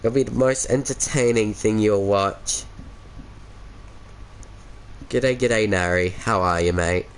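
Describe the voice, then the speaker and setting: On a game stream, an Australian man with a voice on the low side speaks at a slow pace through a headset mic that picks up a bit of hiss or hum. He chats casually, laid-back and chuckling, addressing everyone as mate.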